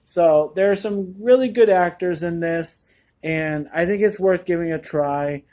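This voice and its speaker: A man's voice: high voice, unhurried, warm tone. Rambling man giving a movie review. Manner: candid, rambling, with many fillers. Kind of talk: casual spoken review.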